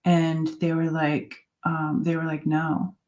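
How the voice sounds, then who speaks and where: Hosting a casual live chat, a woman in her forties talks haltingly with plenty of fillers and soft laughs. Her voice sits low and stays monotone.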